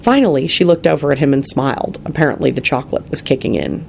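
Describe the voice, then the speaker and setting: Storybook narrator, expressive, gravelly, lively pitch. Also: fast, slight background noise. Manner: expressive, varied reading.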